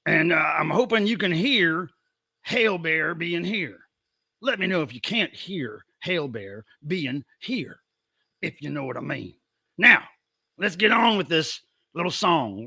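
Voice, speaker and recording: A man's voice: a little high, very animated, a little slow, creaky, bright, forceful tone, slightly rough, no room sound, clean studio sound. A man hosting a casual livestream from home, playfully greeting viewers one by one. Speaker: livestream host.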